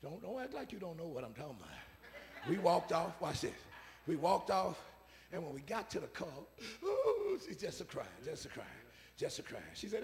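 A man a call-and-response sermon, repeating his phrases and swinging from soft asides to shouts. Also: on the high side, wildly swooping pitch, moderate pace, gravelly. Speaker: preacher. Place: church sanctuary. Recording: preaching in a reverberant church hall.

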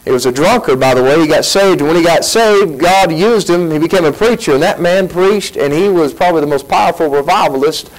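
A man preaching a sermon as pastor, folksy and animated, acting out quotes as he goes. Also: fairly high pitch, a little fast, hardly any pauses, low-quality recording. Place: church sanctuary.

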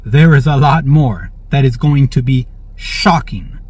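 Unhurried and husky, this man's medium-pitched voice is a little mellow and has no echo. Hosting prophetic religious commentary, he reads news aloud, jubilantly interjects praise, and keeps asking "all right?" Expect dull, dry, lo-fi audio.

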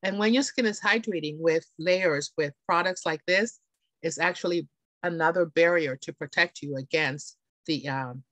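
A woman's voice: lowish voice, fairly bright tone, dry recording. A woman presenting beauty products in a chatty, enthusiastic way, often checking in with her audience. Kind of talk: live product demonstration. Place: home, on camera.

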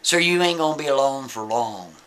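A man's voice: mid-range voice, animated, a little fast, noisy background, natural voice. A man voicing a jail officer who teases a new inmate in a matter-of-fact way. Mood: taunting.

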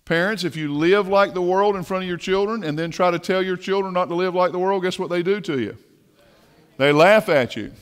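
High-voiced preacher in a reverberant church. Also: male voice, a little fast, smooth. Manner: storytelling preacher, asks the congregation questions. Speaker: pastor. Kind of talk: sermon. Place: church sanctuary. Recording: long reverb of a church hall.

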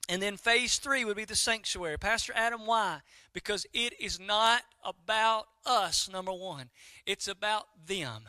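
A man's voice: sits high, a little slow, clear, resonant tone, no room sound. A middle-aged man, a pastor preaching a sermon and telling a story to his congregation. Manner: animated storytelling, talks to the congregation directly.

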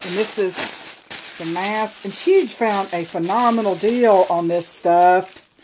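A chatty woman opens a box of craft goodies at home and gushes over each piece to her viewers. She talks at an ordinary pitch, in a casual, friendly vlog manner, with a faint noise floor behind her. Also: a little mellow, rough recording. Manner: gushing and chatty, addressing viewers as y'all. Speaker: crafter opening a swap box.

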